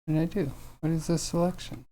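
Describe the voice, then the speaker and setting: A man's voice: on the high side, little pitch movement, quick pace, dark tone. A man streaming as he sculpts, musing aloud in a rambling way and chuckling now and then. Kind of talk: casual talk while sculpting on stream.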